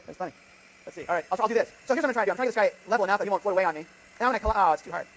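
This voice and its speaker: A man's voice: high-pitched, lively intonation, very fast, a bit bright, a little hiss or hum. A man lecturing on physics in a lecture hall, thinking aloud with frequent restarts and "right?" checks as he runs a live demonstration. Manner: thinks aloud, many restarts and tag questions. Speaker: physics professor.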